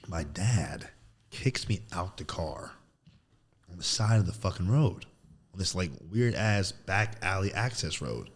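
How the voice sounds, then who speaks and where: A man in his thirties, a podcast guest, telling a story in casual chat, animated and throwing in "bro" a lot. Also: sits low, unhurried, husky. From United States. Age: 30s. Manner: animated storyteller, acts out quotes loudly, says "bro" often.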